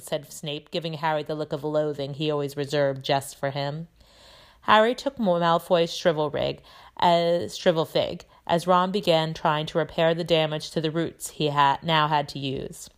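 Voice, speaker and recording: A woman teacher reading a chapter book aloud in a steady, measured way. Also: deep voice.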